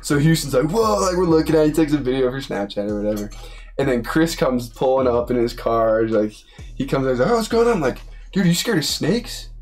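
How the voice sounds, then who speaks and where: A man's voice: mid-range voice, fast. A young man from Utah telling a story in a casual chat, acting out other people's lines and laughing often. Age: young adult. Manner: animated, acts out quoted voices, laughs often. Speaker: college football player, podcast co-host.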